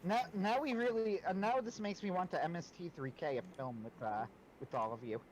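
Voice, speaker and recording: A man co-hosting a casual livestream chat, chatty and quick to laugh as he tells stories. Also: high-pitched, a little hiss or hum, poor audio. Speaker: livestream co-host.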